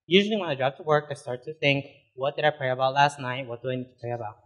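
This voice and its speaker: A young adult man preaching a sermon as a pastor, conversational and informal, often filling pauses with "you know". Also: mid-range voice, a bit bright, lo-fi sound.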